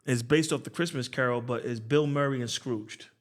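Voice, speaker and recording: A man's voice: mid-range voice, fairly even intonation, normal speed. Man, podcast co-host, casual chat, rambling, playful, repeats words.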